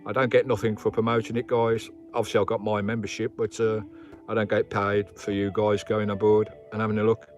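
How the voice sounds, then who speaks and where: A man's voice: fairly low pitch, level tone, brisk. Rambling male vlogger, casual live chat, faint music in the background. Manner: rambling, chatty, talks to his dog and viewers. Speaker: vlogger hosting a live stream. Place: inside a campervan.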